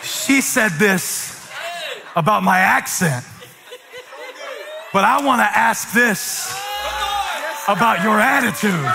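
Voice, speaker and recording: A man from South Carolina preaching a sermon as pastor, dropping to a hush then building to shouts with repeated rhetorical questions. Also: sits high, lively intonation, slow pace, gravelly, pauses often, music in the background, crowd noise. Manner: dramatic preaching, swings from hushed to shouting; rhetorical questions and call-and-response with congregation.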